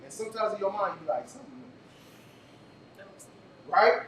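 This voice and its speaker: A man's voice: sits high, animated, normal speed, fairly bright tone. A man hosting a live event, hyping the crowd with call-and-response and telling stories. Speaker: event host. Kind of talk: motivational talk to a live audience. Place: event venue before a crowd. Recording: echoey room from far off, faint noise.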